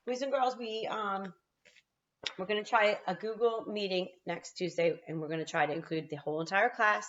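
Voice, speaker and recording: A kindergarten teacher reading a picture book aloud to her class, animated and talking straight to the children. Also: mid-range voice, moderate pace, highs cut off, a little hiss or hum. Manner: animated, talks straight to the kids.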